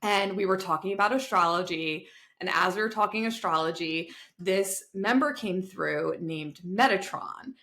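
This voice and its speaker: A woman co-hosting a podcast, telling stories in an animated, conversational way and laughing easily. Her voice is bright, with a mid-range pitch. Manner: animated storyteller, quick laughs. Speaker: podcast co-host. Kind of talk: casual chat.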